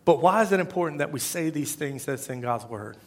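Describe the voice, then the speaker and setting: Higher-voiced pastor preaching. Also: male voice, animated, a little fast. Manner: conversational preaching, swings from hushed to emphatic. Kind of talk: sermon.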